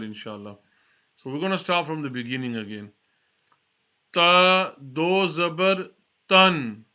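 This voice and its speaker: High-pitched guy teaching quran reading, drags out every syllable, dull lo-fi recording. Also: bright, forceful tone. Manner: drawn-out syllables, repeats each sound for the learner to copy; often says religious phrases between steps. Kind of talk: slow spoken lesson, spelling Arabic letters aloud.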